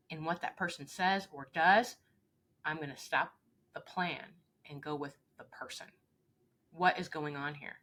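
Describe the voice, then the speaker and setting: A woman leadership coach speaks earnestly and emphatically in an interview conversation, often acting out short little dialogues. Her voice is fairly low in pitch with a fairly bright tone.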